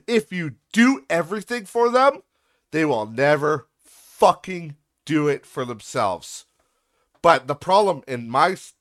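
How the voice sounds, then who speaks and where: A young man hosting a podcast vents in a casual monologue, ranting with frustration and profanity about a messy workplace. His voice is high and a bit bright.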